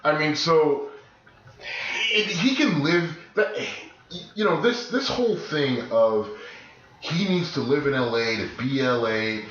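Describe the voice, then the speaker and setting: A man co-hosting a podcast in casual chat, sick with his voice deeper than usual, talking emphatically in rambling restarts. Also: expressive, takes it slowly, fairly bright tone. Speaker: podcast co-host. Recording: echoey room, dull lo-fi sound, faint noise.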